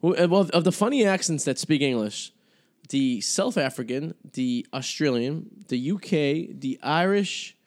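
Podcast host, Boston accent, slightly higher male voice, rambling and profane. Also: expressive, unhurried. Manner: crude, rambling, swears freely. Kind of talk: casual chat.

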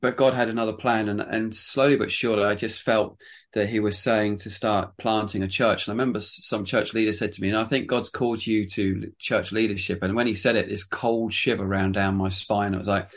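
A man with a lowish voice tells his story in an interview. He is a pastor and church planter from England. His telling rambles along, full of restarts and self-deprecating asides. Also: steady tone, brisk.

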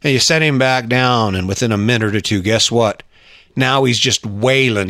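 A man's voice: medium pitch, expressive, normal speed, a bit bright, dry recording, studio quality. A man giving a motivational talk in an earnest, conversational way, with frequent restarts. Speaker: motivational speaker.

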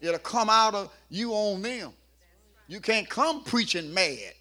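A man preaching a sermon in a humorous, playful way, coaxing the congregation and building up to shouts at his peaks. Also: high voice, animated, takes it slowly. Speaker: pastor.

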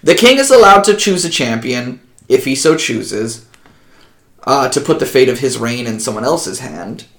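A man's voice: mid-range voice, lively intonation, normal speed, fairly bright tone, echoey room. A man narrating as game master in a casual tabletop session, rambling with many ums.

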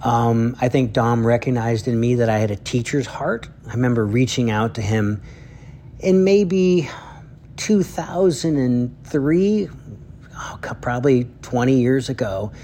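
A man's voice: medium pitch, a little slow, warm tone, slight background noise. A man, a drummer and educator, telling heartfelt stories in a spoken tribute. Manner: earnest storytelling.

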